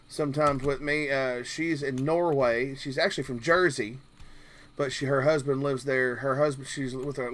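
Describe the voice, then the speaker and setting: A man's voice: medium pitch, a bit bright. A man from Kentucky with a Southern drawl, hosting a casual live stream and rambling along jokingly with lots of fillers. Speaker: livestream host.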